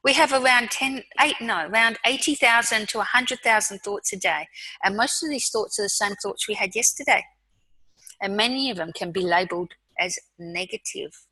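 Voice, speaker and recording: Australian woman, webinar mindfulness speaker; bright clear voice, calm guided delivery, dry close recording. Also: medium pitch, dry recording, rough recording. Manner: calm, slow guiding with soft pauses.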